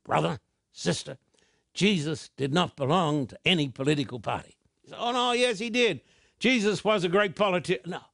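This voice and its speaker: Slow, emphatic high-voiced preacher. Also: male voice, a bit bright, no echo, studio quality. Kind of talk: broadcast sermon.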